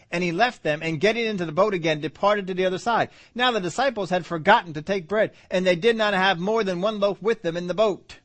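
Preaching man, fairly high voice. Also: a little fast. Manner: lively preaching, rhetorical questions to the congregation. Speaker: pastor. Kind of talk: sermon.

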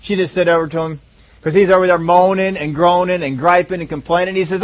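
A man preaching a sermon in an animated way, acting out voices in his stories, on a dull lo-fi recording. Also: sits high, fast talker. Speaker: pastor.

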